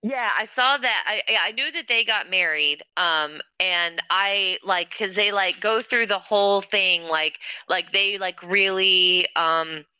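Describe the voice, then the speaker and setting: A woman co-hosting a podcast in loose, casual chat, laughing often and swearing freely as she rambles. Her voice is very bright and sharp, recorded dry and close with a dull, lo-fi tone. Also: medium pitch, unhurried, hardly any pauses, clear, resonant tone, dry recording. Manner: giggly, swears freely, rambling with many fillers. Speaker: podcast co-host.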